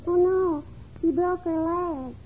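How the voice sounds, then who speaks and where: A woman's voice: very high-pitched, takes it slowly, a little hiss or hum. A woman playing a chattering little neighbor girl in 1940s radio comedy who nags with endless questions. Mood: pestering. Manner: nagging, repeats "hmm?" and "I bet you". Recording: tinny old radio broadcast.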